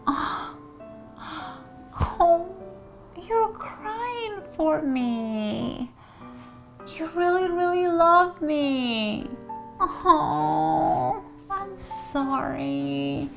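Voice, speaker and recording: A woman voicing a fed-up young fiancée, raising her voice higher than her own. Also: steady tone, measured pace, soft background music. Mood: soft. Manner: indignant, then soft and pleading.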